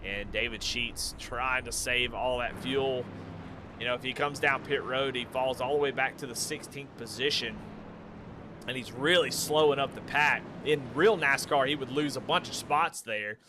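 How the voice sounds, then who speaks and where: A man calling a sim race live, excitable and given to repeating the same questions. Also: mid-range voice, normal speed, background noise. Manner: excitable, repeats questions, builds to shouting at the finish. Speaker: sim racing commentator.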